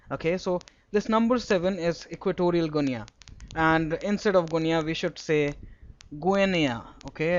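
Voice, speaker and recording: A man's voice: sits high, highs cut off. Indian-accented man teaching from a map. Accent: Indian English. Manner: chatty, explains with memory stories and spells words out. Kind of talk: screen-recorded map lesson.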